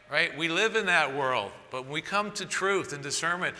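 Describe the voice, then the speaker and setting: A man's voice: on the high side, moderate pace, pushed and bright, big-room sound. A man giving a church teaching talk in a conversational style, often tossing rhetorical questions to his audience. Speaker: speaker at a church seminar.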